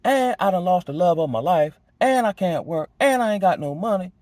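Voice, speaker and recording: A man's voice: lively intonation, a little fast, darkish tone, no echo. Man recounting his own hardships, slangy and loose, dry close sound, voice leaps up when he's stirred. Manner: conversational, loose street slang, many restarts and "you know what I'm saying"; emotional, pitch jumps high when agitated. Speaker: storyteller giving a personal testimony. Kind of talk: casual spoken testimony.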